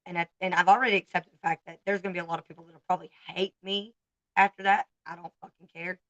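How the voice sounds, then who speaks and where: A woman's voice: fairly low pitch, flat delivery, fast, fairly bright tone, no echo, muffled recording. A woman in her forties with a Southern US accent, chatting bluntly and candidly to viewers on a casual livestream. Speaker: livestream host.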